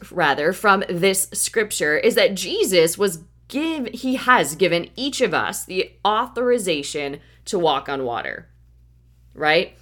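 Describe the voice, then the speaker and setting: Casting note: female preacher, lowish voice, expressive scripture reading, sermon delivery.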